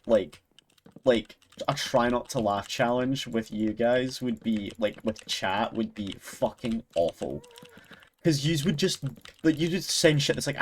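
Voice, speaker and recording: A man's voice: medium pitch, slight background noise. A young Scottish man streaming live, chatting casually with viewers in a rambling, sweary way, often breaking into giggles. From Scotland.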